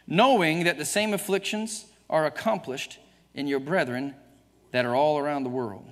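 Southern male pastor, bright raised voice, preaching with emphasis and chuckles, church livestream with long reverb. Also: on the high side, moderate pace. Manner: emphatic, joking with the congregation, chuckling often. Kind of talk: sermon. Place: church sanctuary.

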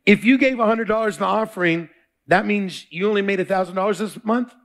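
Male pastor, high gravelly voice, call-and-response sermon delivery. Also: fast, a bit bright. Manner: call-and-response preaching, quizzes the congregation.

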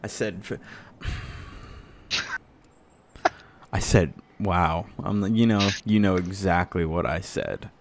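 A man's voice: low voice, fairly even intonation, takes it slowly, long pauses. A man hosting a casual game session with friends, teasing them, laughing often and swearing freely. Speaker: gaming streamer host. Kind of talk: casual gaming chat with friends. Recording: noisy mic with clicks.

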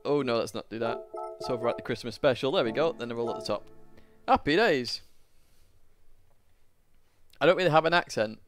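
A man's voice: mid-range voice, animated, fairly quick, long pauses, music in the background. Chatty Northern English man streaming races. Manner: chatty, jokey, greets chat viewers by name. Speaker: sim racing streamer. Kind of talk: casual live-stream chat while racing.

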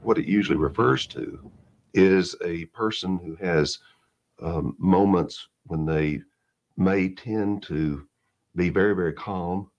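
A male expert speaks slowly and haltingly in a very low voice. The archival audio sounds dull and a little distant. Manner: slow, hesitant explanation. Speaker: expert interviewee. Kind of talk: documentary interview.

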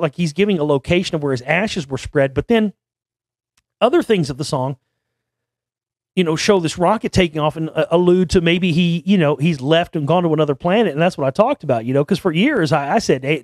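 A man's voice: a little high, no echo, studio quality. Rambling, blunt man in his forties. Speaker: show host. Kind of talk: casual monologue.

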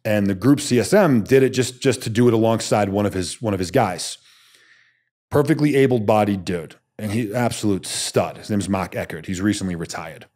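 A man's voice: on the low side, fairly quick, a little mellow. A man, a former soldier, telling his story bluntly and emphatically as a podcast guest, swearing casually.

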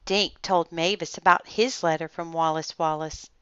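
Calm woman reading a kids' story, low-ish smooth voice, dry, a bit muffled. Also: moderate pace, no echo. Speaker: children's book reader. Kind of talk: read-aloud storytelling. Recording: slightly muffled dry recording.

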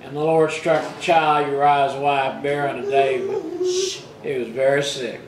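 Pastor preaching, echoey room. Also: male voice, medium pitch, level tone, a little slow. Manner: retells scripture in plain colloquial speech, rising loud for quoted rebukes. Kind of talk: sermon.

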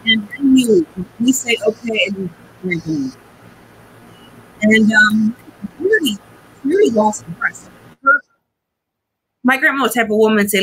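A woman in her forties tells a family story as a guest, her bright, tense voice rambling and halting. She trails off at points and sounds close to tears. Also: medium pitch, lively intonation, husky, poor audio. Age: 40s. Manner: rambling, halting, tearful at times. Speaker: guest, cigar business owner. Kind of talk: emotional personal storytelling.

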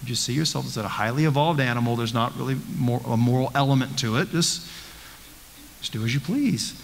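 A male pastor leads a Bible study in a loose, conversational way, stopping to ask rhetorical questions and often restarting his sentences. His voice sits at a middling pitch for a man. The sound rings with the long reverb of a church sanctuary. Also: fairly quick, gravelly, slight background noise.

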